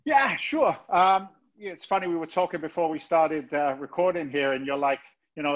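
A man's voice: a little high, moderate pace. Chatty London-born man, muffled audio. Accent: London English softened by Boston. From England. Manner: chatty, self-mocking, chuckles often. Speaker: guest, real estate investor. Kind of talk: casual interview chat.

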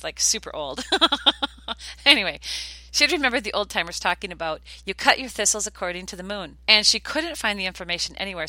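With a lowish, bright, forceful voice, an older American podcast host talks casually and earnestly, spinning stories in a chatty way. The recording is dry.

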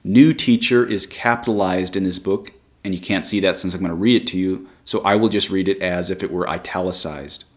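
Low-voiced man with a drawl reading a story. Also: fairly even intonation, brisk, few pauses. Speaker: reader. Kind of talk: reading a short story aloud.

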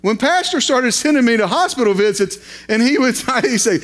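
Brief: male lay preacher, high voice, sermon delivery, repeats lines for emphasis. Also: animated, normal speed, a bit bright. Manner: repetitive, building emphasis, folksy asides.

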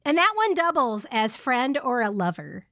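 A woman's voice: sits high, very animated, moderate pace, a bit bright, no room sound, studio quality. A woman co-hosting a podcast in casual chat, giggling often between her phrases. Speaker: podcast co-host.

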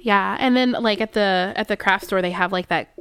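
A woman's voice: medium pitch, normal speed, fairly bright tone, clear, resonant tone, dry recording. A woman co-hosting a casual chat, telling stories in a chatty, self-mocking way. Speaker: podcast co-host.

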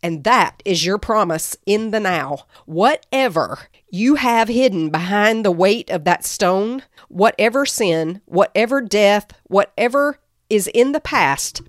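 A woman's voice: mid-range voice, expressive, measured pace, dry recording. Woman doing a bible teaching, earnest, dry close sound. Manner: earnest, reads scripture aloud with emphasis. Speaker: podcast teacher. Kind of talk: devotional teaching.

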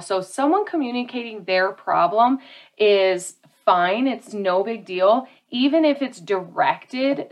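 A woman with a mid-range voice speaks in a direct, earnest way to her listeners. She keeps the tone casual and familiar, and she leans on repeated phrases to drive each point home. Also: mid-range voice. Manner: casual, addresses listeners as "y'all" and "you guys". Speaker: self-help speaker. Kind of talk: motivational talk to an audience.

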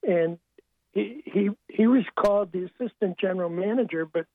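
A man's voice: high voice, no echo. Older man telling stories down a phone line. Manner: halting, many restarts, wry anecdotes. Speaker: sportswriter guest. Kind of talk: storytelling interview. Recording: tinny dry phone line.

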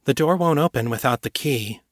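Man doing a sneering, gaunt young thrall woman; husky. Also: mid-range voice, a little fast, no echo, clean studio sound, natural voice.

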